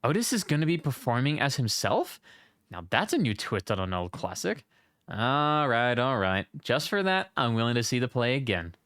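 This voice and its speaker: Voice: medium pitch, big pitch swings, normal speed, fairly bright tone, dry recording, studio quality, voice pushed down. A streamer doing a jaded, sardonic man.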